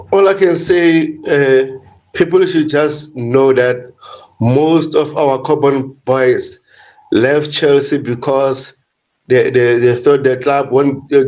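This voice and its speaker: A man's voice: mid-range voice, a little mellow, highs cut off. A man on a football panel giving his opinion firmly, repeating points for emphasis. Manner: firm, repeats himself for emphasis. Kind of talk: casual opinionated commentary.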